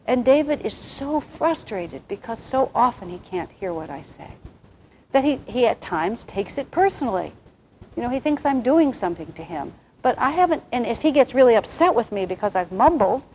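A soft-spoken woman giving a reflective, rambling spiritual talk, with many restarts. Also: a little high, very animated, moderate pace, a little hiss or hum, poor audio.

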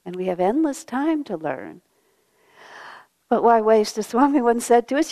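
A woman giving a devotional talk as a spiritual teacher, gentle and reflective, often letting her voice fall soft and quiet, with touches of light self-mocking humor. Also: on the high side, very animated, measured pace, long pauses.

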